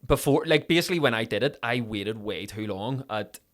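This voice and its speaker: A young man in his twenties, an actor guest in a casual podcast chat, telling animated stories and swearing now and then. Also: mid-range voice, brisk. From Ireland. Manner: animated storyteller, swearing, acts out voices.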